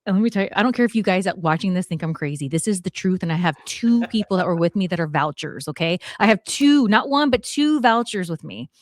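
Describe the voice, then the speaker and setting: A woman in her forties hosting a talk show, telling a story in a lively way and acting out what people said. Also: fairly low pitch, fast talker, hardly any pauses, no echo, clean studio sound. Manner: animated, acts out quotes, swears it is true. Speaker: podcast host. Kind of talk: storytelling chat.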